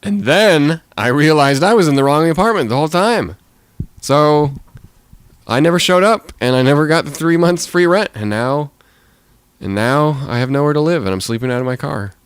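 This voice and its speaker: A man's voice: a little high, animated, moderate pace, smooth, no room sound. A man co-hosting a casual podcast, playfully telling an improvised story and laughing as he talks. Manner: playful, laughs while talking. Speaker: podcast co-host.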